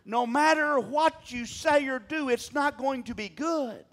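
A man's voice: very high voice, measured pace, fairly bright tone. A man preaching a sermon, talking emphatically and calling on the congregation to answer him. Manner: emphatic, calls on the congregation to respond.

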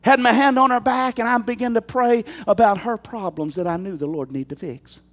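A male pastor preaching a sermon in an animated way, throwing rhetorical questions at his congregation and calling out to them. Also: very high voice, brisk.

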